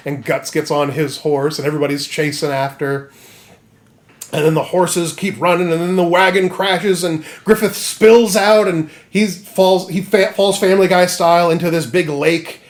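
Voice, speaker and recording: A man hosting a podcast, recapping a story in an animated, rambling comedic way. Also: fairly high pitch, moderate pace. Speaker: podcast host.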